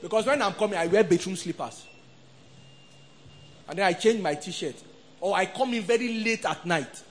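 This pastor, a middle-aged man with a Nigerian accent, has a voice that sits high and moves at a moderate pace, with slight background noise. His sermon is animated call-and-response with his congregation, and he acts out the voices he quotes.

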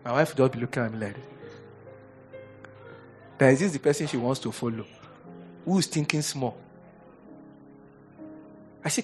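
A middle-aged Nigerian pastor with a medium-pitched voice preaches a sermon at a moderate pace, pausing often. He shifts from loud exhortation to quiet storytelling and laughs a lot, with soft music playing behind him.

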